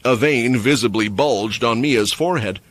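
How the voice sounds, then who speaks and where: A man's voice: medium pitch, normal speed, a bit bright. A man giving scripted story narration for a fantasy comic recap.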